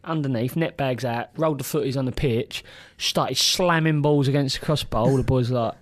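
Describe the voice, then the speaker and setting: A former footballer who co-hosts a podcast tells stories in casual chat, animated and laughing as he acts out quotes. His voice is medium-pitched at a normal speed.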